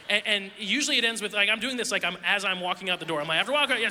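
A male pastor preaches with a high, very bright and ringing voice, animated and self-deprecating as he tells stories. His words trail off into the long reverb of a large hall. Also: fast, slight background noise. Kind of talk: sermon with personal stories.

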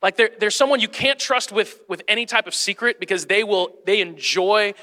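A man in his forties preaching a sermon to a congregation, lively and joking, often speaking straight to them. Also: high voice, moderate pace, long reverb tail. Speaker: pastor.

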